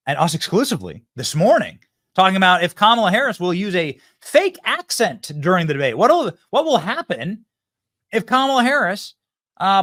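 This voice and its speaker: A man hosting a political commentary show, hyped and quick, often tripping over and repeating his words. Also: sits high, fairly bright tone, no echo, studio quality.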